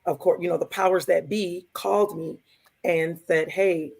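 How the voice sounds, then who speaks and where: Woman telling a lively story. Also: on the low side, moderate pace, vocal fry. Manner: animated anecdote telling, quoting dialogue. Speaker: podcast co-host. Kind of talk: casual storytelling.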